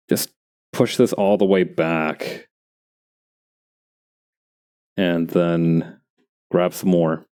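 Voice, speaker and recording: Mellow-voiced man joking while crafting. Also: deep voice. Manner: joking, rambling, laughs often. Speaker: streamer. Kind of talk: casual chat while crafting.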